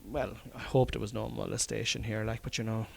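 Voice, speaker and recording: A man's voice: fairly low pitch, level tone, a little fast, creaky, a little hiss or hum. An Irish man, a comedian hosting a podcast, chatting casually at home, swearing often and rambling. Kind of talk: casual chat. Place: study by an open fire at home.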